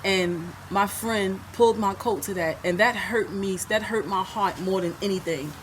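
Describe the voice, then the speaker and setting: A middle-aged woman telling a personal story to her viewers on a phone, chatty and laughing often, sometimes softening into earnest talk, a bit out of breath. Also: mid-range voice, normal speed, low-quality recording. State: out of breath and sweaty. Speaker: vlogger. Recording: traffic noise behind her.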